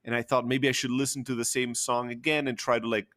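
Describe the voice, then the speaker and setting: A man's voice: mid-range voice, little pitch movement, fast talker, fairly bright tone. A man telling an emotional personal story candidly, with frequent fillers and the odd swear word.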